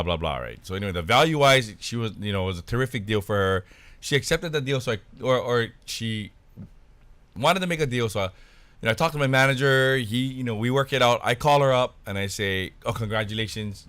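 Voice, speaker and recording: A man co-hosting a casual podcast, telling stories in an animated way and saying "dude" a lot. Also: on the low side, smooth, no room sound. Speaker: podcast co-host. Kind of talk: casual chat. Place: Hawaii.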